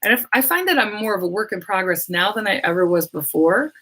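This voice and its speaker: A middle-aged woman who works as a medium, chatting casually on a livestream with her viewers, rambling and laughing often, her voice a little hoarse. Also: medium pitch, animated, brisk, bright, forceful tone. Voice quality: slightly hoarse.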